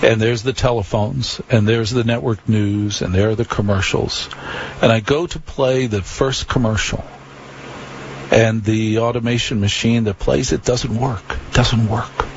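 A man's voice: lowish voice, steady tone, a little slow, dull audio, slight background noise. A man hosting a late-night radio talk show, rambling wryly through a monologue to listeners. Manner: wry, conversational, repeats phone number.

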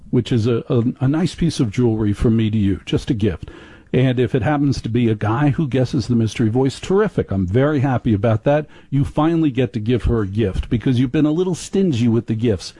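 A man's voice: mid-range voice, warm tone, no room sound. A middle-aged man hosting a live radio talk show, chatty and confiding, rambling on with listeners.

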